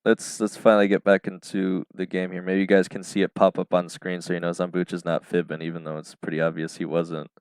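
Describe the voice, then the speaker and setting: Low-voiced American man streaming casually. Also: level tone, a little fast, hardly any pauses, clean tone, dry recording. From United States. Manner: chatty, laughs often, answers chat by name. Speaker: live streamer. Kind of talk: casual live-stream chat.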